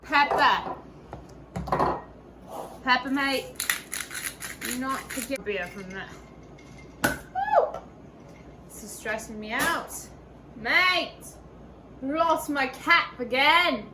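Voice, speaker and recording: A woman's voice: sits high, slow pace, pauses often. A woman hosting a casual home cooking video in her kitchen, talking in playful, profane mock-chef banter. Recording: noisy room ambience.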